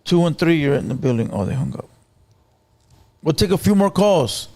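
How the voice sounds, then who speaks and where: A male host runs the phone lines in an easygoing way and reads out numbers. His voice sits a little high. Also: expressive, normal speed, mellow. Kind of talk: call-in show hosting.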